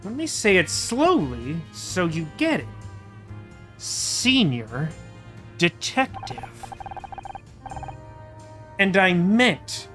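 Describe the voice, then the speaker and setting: A man's voice: high-pitched, wildly swooping pitch, unhurried, few pauses, bright, forceful tone, faint music behind, full character voice. A man doing a curt, stern detective. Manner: curt, commanding. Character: stern male senior detective.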